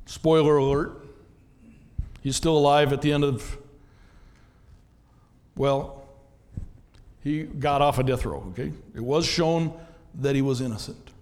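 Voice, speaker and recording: A man's voice: on the high side, big-room sound. A man, a pastor, preaching a sermon in a conversational way, often asking the congregation questions.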